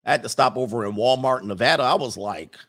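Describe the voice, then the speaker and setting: Man, livestream host, casual chat, rambling, blunt, laughs often, mid-pitched voice. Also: quick pace, a bit bright. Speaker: livestream host reading viewer comments.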